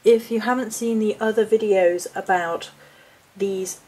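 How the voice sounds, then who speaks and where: A woman vlogging about her handmade nature altars, speaking with passion in a lilting, expressive way. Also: mid-range voice, a little slow, breathy edge. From United Kingdom. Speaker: hedge witch and altar maker. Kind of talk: spiritual vlog talk.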